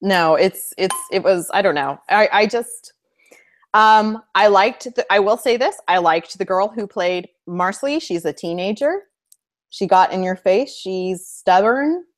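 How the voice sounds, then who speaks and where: A woman co-hosting a casual TV discussion, opinionated and animated, often acting out quotes from the characters. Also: medium pitch, measured pace. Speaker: podcast co-host. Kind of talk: casual chat.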